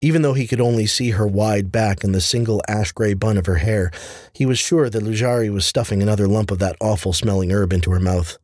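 A man narrating a fantasy story in a measured, even manner. His voice is low and husky, and the recording is dry and close, with no room sound. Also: no echo. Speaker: audiobook narrator.

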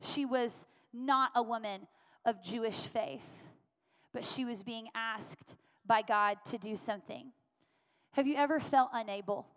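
A woman's voice: on the high side, measured pace. Earnest woman preaching in an echoing hall. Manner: earnest, repetitive emphatic preaching. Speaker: pastor. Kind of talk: sermon. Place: church sanctuary. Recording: long reverb of a church hall.

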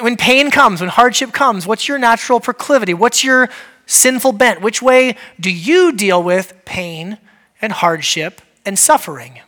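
Male pastor, high bright voice, chatty sermon delivery with playful acted-out quotes. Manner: humorous, acts out quoted voices; conversational with many fillers. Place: church service.

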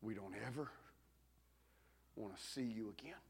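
A man's voice: lowish voice, measured pace, gravelly, husky, pitched below the performer's own voice, exaggerated voice. A man voicing stern, unforgiving church ladies who mutter their scorn under their breath. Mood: scornful.

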